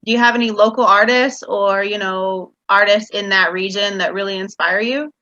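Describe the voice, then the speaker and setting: A woman's voice: medium pitch, fairly even intonation, normal speed, pushed and bright, lo-fi sound. A woman from the United States hosting an interview, chatty, enthusiastic and curious. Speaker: interviewer host. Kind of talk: casual interview.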